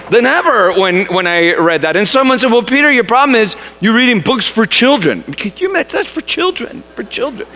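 A very high, bright-voiced man preaches in a storytelling way, reading passages with dramatic flair and often tripping over and repeating his words. His voice swoops up and down a lot, and a long reverb trails behind it as if he were in a big hall. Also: creaky. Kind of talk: storytelling sermon.

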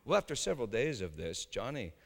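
A man preaching a sermon dramatically, swinging from hushed lines to shouting. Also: mid-range voice, big pitch swings, fairly quick, creaky. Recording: reverberant hall.

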